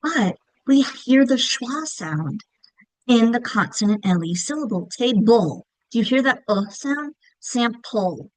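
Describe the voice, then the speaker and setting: A woman's voice: fairly high pitch, animated, a little slow, no echo, rough recording. A woman teacher trainer giving a recorded presentation, explaining step by step, sounding out example words and checking in often.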